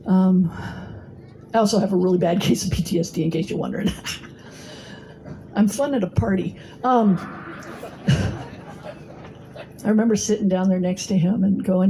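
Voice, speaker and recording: A middle-aged woman speaks from a podium mic in a blunt, salty storytelling voice. Her tone is gravelly and dark, and a faint room hum sits underneath. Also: lowish voice, fairly even intonation, normal speed, long pauses, rough recording. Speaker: recovery meeting speaker. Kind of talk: personal testimony talk. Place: meeting hall.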